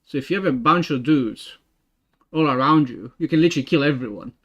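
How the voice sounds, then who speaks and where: A young man with an Italian accent, a game developer thinking aloud while he works, halting with many fillers and restarts. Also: a little high, a bit bright. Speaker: game developer streaming his work. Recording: dull lo-fi stream audio.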